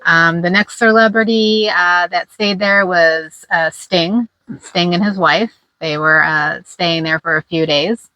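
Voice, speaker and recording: Woman, middle-aged, chatty storyteller, lowish voice, dry close sound. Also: a little slow, few pauses, bright, forceful tone, no room sound, poor audio. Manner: chatty, laughing, many fillers. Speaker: host. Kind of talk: casual storytelling chat.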